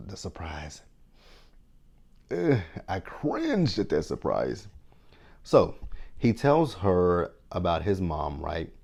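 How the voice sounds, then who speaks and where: A man in his thirties, his voice low and a little mellow, offers casual recap commentary as a TV show reviewer. He's frank and chatty throughout, often asking viewers "right?"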